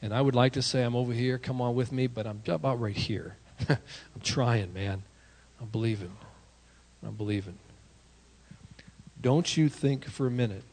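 A man preaching as a pastor delivers an animated sermon with a medium-pitched voice, breaking into sudden shouted prayers and poking fun at himself along the way.

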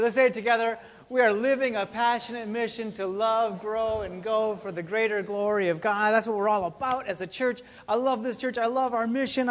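Pastor, male, high voice, relaxed joking delivery, echoey church hall with long reverb. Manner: chatty, joking, with frequent fillers. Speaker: lead pastor. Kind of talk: casual sermon with storytelling. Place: church sanctuary.

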